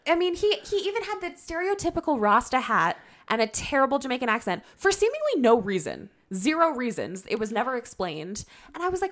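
A young woman co-hosting a podcast in casual, animated chat, with lots of "like". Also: high-pitched, fairly quick, hardly any pauses. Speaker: podcast co-host.

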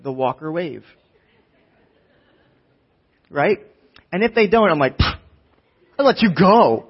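Male pastor delivering a sermon, slightly high husky voice, muffled lo-fi recording. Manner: animated, acts out voices, drops to quiet emphasis.

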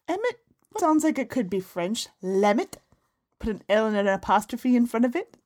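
A woman co-hosting a podcast who chats casually and playfully. She rambles and giggles often, in a voice that sits fairly high. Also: big pitch swings, fairly quick, a little mellow. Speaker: podcast co-host and DJ. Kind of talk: casual banter.

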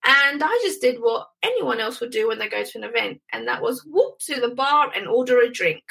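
Woman, high voice, bright, animated storytelling, acts out the dialogue. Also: a little fast, vocal fry, rough recording. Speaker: guest. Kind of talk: casual storytelling.

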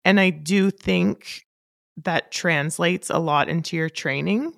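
Lowish gravelly woman, dry close sound, frank coaching tone, swears casually. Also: takes it slowly, no room sound. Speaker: podcast co-host. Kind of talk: casual chat.

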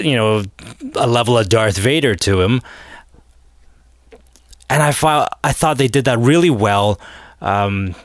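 A man hosting a podcast alone, rambling in a casual rant with sarcasm and sudden animated outbursts. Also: on the low side, no echo, studio quality. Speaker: podcast host.

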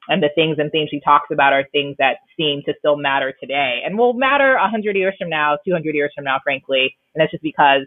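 A woman's voice: low voice, no room sound. A woman co-hosting a podcast, chatting casually with lots of fillers and frequent laughter. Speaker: podcast co-host. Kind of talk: casual chat. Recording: tinny phone-like line.

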